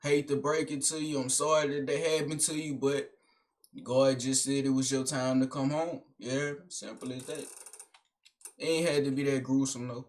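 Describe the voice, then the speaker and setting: A man's voice: mid-range voice, little pitch movement, moderate pace. A man hosting a reaction video, giving casual, heavily profane commentary and ranting heatedly about what he watches.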